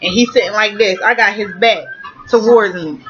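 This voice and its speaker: A young woman casually telling a storytime tale, profane and animated, acting out both sides of the conversation. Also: mid-range voice, normal speed, lo-fi sound, a little hiss or hum.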